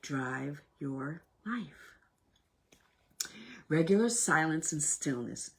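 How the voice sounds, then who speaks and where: A woman leading a self-help workshop in a casual motivational talk. She is animated, swinging between loud bursts and hushed, near-whispered lines. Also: low-pitched, takes it slowly, husky.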